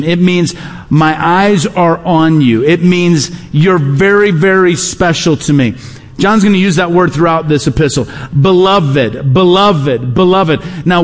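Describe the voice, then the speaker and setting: A man preaching a sermon as pastor in a church, emphatic, repeating his key phrases. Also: sits high. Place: church sanctuary.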